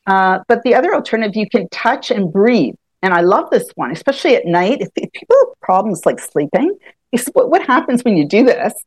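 A woman talking through a calming self-help technique in an easygoing interview. She is animated, laughs often and restarts her sentences as she goes. Her voice is mid-pitched and sounds dry and close. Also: fairly quick, breathy edge, no room sound. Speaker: EFT tapping practitioner, guest. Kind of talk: conversational explaining.

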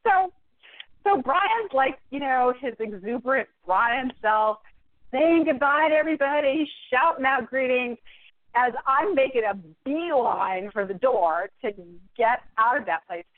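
A middle-aged woman, a guest, telling her story in a wry, animated, conversational way, laughing now and then. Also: on the high side, no echo. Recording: tinny phone line, dry.

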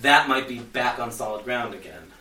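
A man's voice: medium pitch, lively intonation, normal speed, pushed and bright, reverberant, recorded from a distance, rough recording. A man co-hosting a podcast, talking through theology in a thoughtful, rambling way. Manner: thoughtful, rambling, self-correcting. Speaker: podcast co-host. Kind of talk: casual theological discussion.

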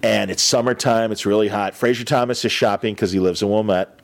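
A man's voice: on the low side, brisk, slight background noise. A man from the Chicago suburbs hosting a casual chat and telling stories, acting out the voices of people he met. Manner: animated storyteller who acts out voices of people he met.

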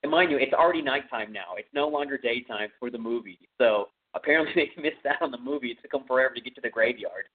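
A man's voice: mid-range voice, fast talker, few pauses, slightly rough. A man with a Texan accent hosting a podcast, casually retelling a horror movie's plot in a rambling way full of fillers. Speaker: podcast host. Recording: tinny phone-like audio.

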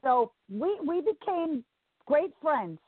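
A woman's voice: high-pitched, big pitch swings, slow pace, no room sound. A woman with a New York accent, a singer talking as an interview guest, chatty and rambling. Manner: chatty, rambling, laughs easily. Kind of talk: casual interview. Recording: tinny phone-like line, dry.

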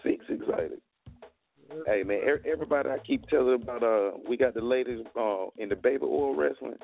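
A man's voice: mid-range voice, quick pace, creaky. A man co-hosting a morning show, laid-back and stammering as he chats. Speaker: co-host. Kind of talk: casual radio chat. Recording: dry tinny phone-like sound.

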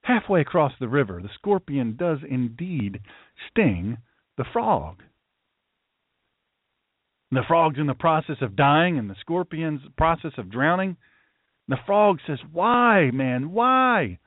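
A man's voice: a little high, big pitch swings, unhurried, long pauses, breathy edge, no room sound. A man hosting a political talk show as a pastor, ranting emphatically and telling stories. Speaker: host, pastor. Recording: tinny phone-like line, dry.

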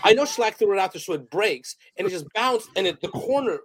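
A man's voice: high voice, fairly quick. A man guest on a podcast interview, telling rambling, emotional stories in a casual way and acting out what people said. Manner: animated, rambling storyteller; emotional, acts out quotes. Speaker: guest photographer and director.

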